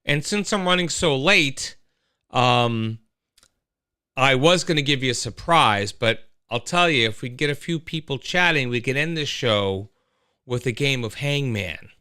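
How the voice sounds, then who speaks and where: A man's voice: medium pitch, unhurried, clean tone, no room sound, clean studio sound. A man hosting a casual solo livestream, rambling and chatting straight to his listeners. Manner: animated, rambling, talks to listeners. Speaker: host.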